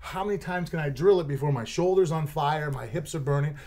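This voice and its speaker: Middle-aged guy on a podcast, talks a bit high, lively and laughing, swears a lot. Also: fairly quick. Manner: animated, swearing, laughs often. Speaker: guest fighter. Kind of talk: casual podcast chat.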